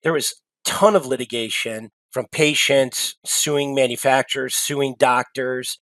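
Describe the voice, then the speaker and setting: A middle-aged man, a sales executive, telling stories as an interview guest, animated, with frequent restarts. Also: medium pitch, unhurried, no echo. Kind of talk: casual storytelling interview.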